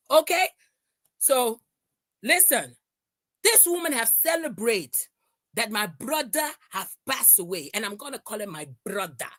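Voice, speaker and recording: A woman on a heated livestream, her voice high and bright, swinging widely in pitch as she confronts and repeats herself. The sound is dry and close. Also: big pitch swings, unhurried, no room sound. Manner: confrontational, repeats lines, shouts at times. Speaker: livestream host.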